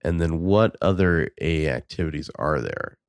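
A man's voice: rumbling low, normal speed, clear, resonant tone, no echo, clean studio sound. A man co-hosting a podcast, chatting casually about a TV show and reading out scenes, rambling with many restarts. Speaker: podcast co-host recapping a TV show.

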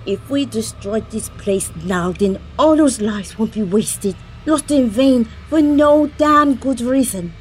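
A woman's voice: fairly low pitch, fairly even intonation, slow pace, dark tone, a little hiss or hum, low-quality recording. An actress playing a proud, defiant female mambo in an audio drama, speaking in a fiery, indignant way. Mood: angry.

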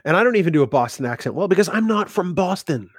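A man's voice: high-pitched, animated, quick pace, slightly rough, dry recording. A man, telling family stories in a casual chat with dry humor. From New Hampshire. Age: 50s.

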